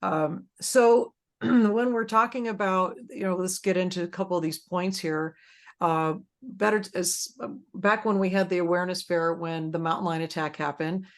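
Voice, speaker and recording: A woman's voice: on the low side, steady tone, normal speed. Woman hosting a support group, casual, rambly, lots of ums. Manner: rambling, with frequent fillers and restarts.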